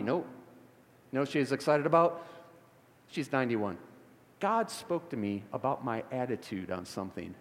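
A man's voice: mid-range voice, lively intonation, normal speed, pauses often. A middle-aged male pastor from the Chicago area preaching a sermon in a church, shifting from conversational storytelling to fervent emphasis. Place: church sanctuary. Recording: long hall reverb of a church.

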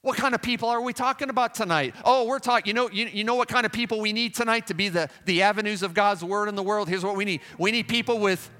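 Fervent high-voiced preacher, man. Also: fast, few pauses, sharp tone, big-room sound. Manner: fervent, repetitive, pleading. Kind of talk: revival camp meeting sermon. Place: large tabernacle.

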